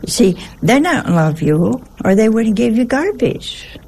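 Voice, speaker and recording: A nun giving a sermon, folksy and humorous, with many rhetorical asides. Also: female voice, on the high side, sing-song, unhurried, dark tone, husky, rough recording. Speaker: nun giving a religious talk. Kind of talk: sermon with personal anecdotes.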